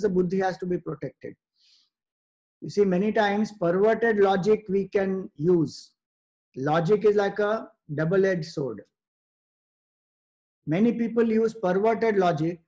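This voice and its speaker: A man giving a spiritual discourse, explaining in measured, short phrases with pauses. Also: high-pitched, mellow. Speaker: spiritual teacher.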